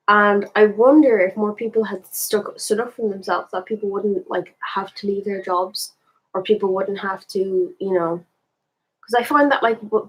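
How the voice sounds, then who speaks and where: A woman's voice: medium pitch, husky, rough recording. An Irish woman talking candidly in a casual reflective monologue, rambling and thinking aloud as she goes. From Ireland. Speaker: spiritual vlogger.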